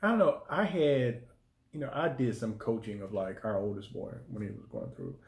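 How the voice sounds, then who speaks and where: Man co-host, mid-pitched, relaxed and thoughtful, roomy echo. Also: normal speed. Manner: easygoing, reflective, jumps high when quoting others. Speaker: relationship coach, co-host. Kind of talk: casual conversation with his wife.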